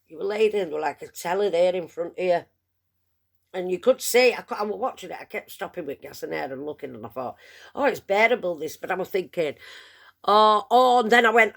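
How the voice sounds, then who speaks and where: A woman's voice: on the low side, creaky. A woman chatting to camera, telling a long story in a rambling, self-mocking way. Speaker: vlogger. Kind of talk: casual storytelling.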